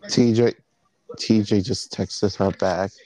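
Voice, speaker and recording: A man improvising a role-play story with friends, relaxed and unhurried. His voice is low and mellow, with little rise and fall.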